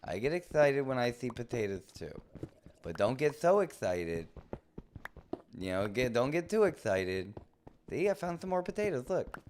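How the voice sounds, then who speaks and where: Man, livestreamer, game commentary, lively swooping pitch, playful mock-outraged ranting. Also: normal speed, a little hiss or hum. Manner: jumps to high excited outbursts. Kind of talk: live gameplay commentary.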